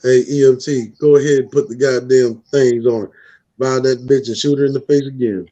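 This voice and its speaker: A man co-hosting a casual talk who mocks clips in a profane, excitable way. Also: mid-range voice, fairly quick, muffled recording. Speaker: co-host. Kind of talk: casual commentary.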